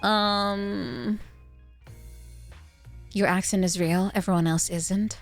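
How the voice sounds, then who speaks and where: A woman from the Netherlands with a Dutch accent, chatting casually as a streamer, giggling often and squealing when excited. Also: medium pitch, extremely slow, pauses often, faint music behind. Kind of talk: casual chat.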